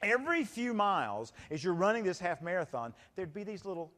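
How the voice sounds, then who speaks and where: A middle-aged man tells a motivational story from a convention stage, acting out every quote. His voice sits high and swings widely in pitch. The big hall adds a long reverb. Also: a little fast. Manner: animated storytelling with acted-out quotes. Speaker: keynote speaker. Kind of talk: motivational keynote speech.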